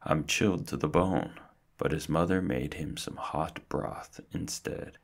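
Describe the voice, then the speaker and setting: A man reading a children's chapter book aloud, with slow, steady storytelling. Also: rumbling low, vocal fry, husky. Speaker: narrator.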